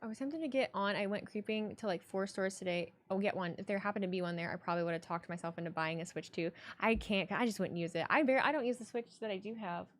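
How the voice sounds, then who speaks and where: A young adult woman streaming live, reading chat and talking in a blunt, profane, animated way. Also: medium pitch, fast talker, hardly any pauses.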